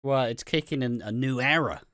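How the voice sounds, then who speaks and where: A man co-hosting a podcast, talking in a loose, rambling way and swearing freely. His voice sits at an ordinary pitch and sounds close and dry, with no room echo. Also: normal speed, a bit bright. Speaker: podcast co-host. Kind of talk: casual podcast chat.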